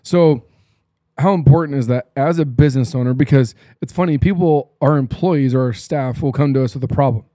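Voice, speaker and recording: A man hosting a casual podcast interview, tossing in quick animated asides. His voice is mellow and mid-pitched, and the recording sounds dry and close. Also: no echo. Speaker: podcast host.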